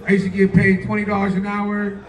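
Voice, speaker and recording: A man's voice: sits high, completely flat delivery, fairly quick. A young man doing a stand-up set, playful and loose, talking straight to the crowd. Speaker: stand-up comedian. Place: comedy club stage. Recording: roomy club, distant mic, faint crowd.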